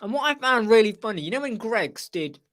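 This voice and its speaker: A man's voice: high voice, big pitch swings, a little fast, fairly bright tone. A man hosting a live web chat, rambling casually and mimicking other people's voices as he tells anecdotes.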